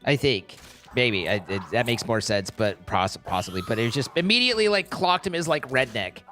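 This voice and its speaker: Male streamer, casual rambling chat, animated and bright, stumbles and self-corrects. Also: medium pitch, fairly quick, soft background music.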